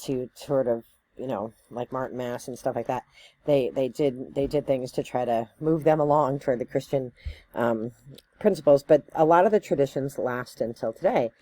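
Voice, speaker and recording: A woman explains a topic in a loose, chatty teaching style, leaning on fillers and asking "right?" as she goes. Her voice is warm and mellow. The sound is close and dry, with no room around it. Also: extremely low pitch, dry recording. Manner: conversational, loose, full of fillers and tag questions; self-correcting, thinks aloud. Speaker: spiritual teacher. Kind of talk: casual educational talk to camera.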